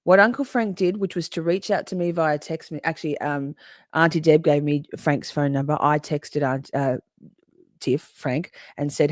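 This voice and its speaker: A woman's voice: low voice, steady tone, normal speed, no room sound, clean studio sound. A woman hosting a casual live stream, reading viewers' comments aloud, swearing freely and laughing often. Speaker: livestream host reading chat.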